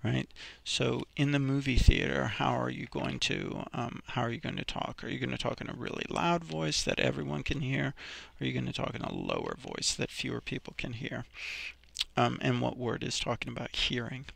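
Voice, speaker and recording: A man's voice: mid-range voice, sing-song, a little fast, gravelly, fairly bright tone, no room sound. A man teaching a recorded vocabulary lesson, explaining each example step by step with many ums and restarts.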